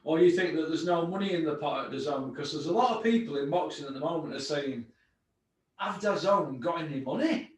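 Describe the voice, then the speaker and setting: A man's voice: a little high, lively intonation, quick pace, few pauses. A man hosting a boxing podcast, blunt and sweary, ranting about fights. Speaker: host. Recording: very echoey room, distant mic.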